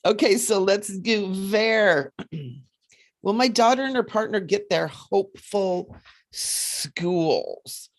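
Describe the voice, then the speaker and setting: A woman hosting a casual psychic livestream, chatty and animated, often laughing as she reads cards. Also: medium pitch, takes it slowly. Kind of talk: casual livestream chat with card readings.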